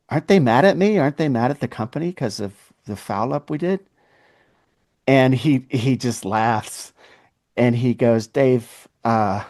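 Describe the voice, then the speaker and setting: A man's voice: mid-range voice, darkish tone. A man who is a podcast guest, telling a long story in casual conversation. He laughs often and acts out the dialogue of the people in it.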